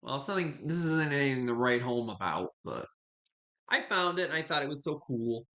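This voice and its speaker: A man in his fifties runs a live online auction from home, chatting casually and calling viewers honey and sweetie. His mid-range voice is expressive, brisk, pushed and bright, and the room echoes.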